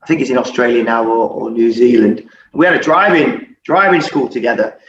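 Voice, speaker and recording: A former footballer in his forties, appearing as a podcast guest, tells stories in a casual chat at a brisk, medium-pitched clip. He swears constantly and laughs his way through the anecdotes, captured on a roomy, muffled recording with faint hiss.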